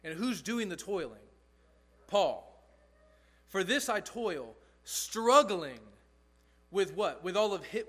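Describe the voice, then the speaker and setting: A man's voice: high voice, very animated, slow, long pauses, bright, forceful tone, husky. A man pastor preaching a sermon, earnest and emphatic, repeating key phrases for stress.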